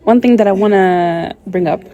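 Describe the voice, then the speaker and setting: A woman's voice: mid-range voice, moderate pace, warm tone. A woman hosting a casual interview, asking brief questions and affirming her guest. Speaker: host.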